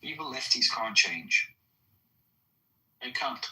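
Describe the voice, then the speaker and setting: A man's voice: mid-range voice, lively intonation, takes it slowly, sharp tone, rough recording. A man in casual political banter, teasing and needling with questions.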